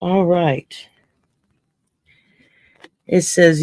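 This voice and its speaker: Slow, gravelly Cajun woman host. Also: deep voice, a little mellow, no echo. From Louisiana. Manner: salty, jokey, swears freely and laughs often. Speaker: host reading cards for viewers. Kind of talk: casual late-night live stream chat.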